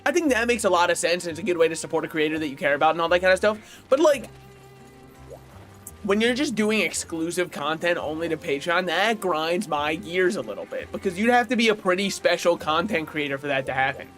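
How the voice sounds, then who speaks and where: A man's voice: a little high, expressive, a little fast, a bit bright, soft background music. A man streaming a video game, chatting casually in a rambling, opinionated way and chuckling often. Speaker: gaming streamer. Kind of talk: casual livestream chat while playing.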